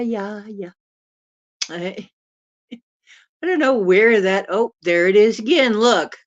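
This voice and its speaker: Slow-talking woman hosting a live stream. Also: medium pitch. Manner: rambling, chatty, laughs often. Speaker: spiritual channeler hosting a live Q&A. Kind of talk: casual live-stream chat. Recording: dull lo-fi sound.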